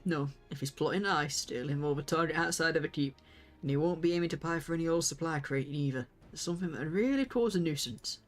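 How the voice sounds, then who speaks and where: A gruff, streetwise fantasy-game man, as a woman puts him on in a lowered, rough voice. He talks briskly, with faint music behind him. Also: close to an everyday voice.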